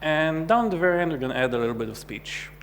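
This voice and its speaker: A man's voice: on the high side, lively intonation, fast talker. Man giving a talk in a big hall. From Israel. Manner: light, joking presenter who acts out quoted chats. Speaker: conference speaker. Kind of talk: technical conference talk. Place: large conference hall. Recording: hall reverb with faint hum.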